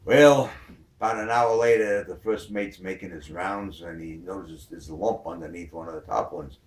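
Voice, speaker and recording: A man's voice: deep voice, normal speed. A man telling a long joke in a rambling way, full of fillers. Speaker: joke teller. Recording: echoey room from far off.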